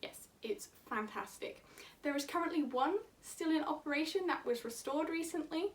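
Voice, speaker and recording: A woman vlogger in a chatty, animated infodump who laughs as she talks. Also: high-pitched, normal speed, distant mic. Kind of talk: enthusiastic casual infodump.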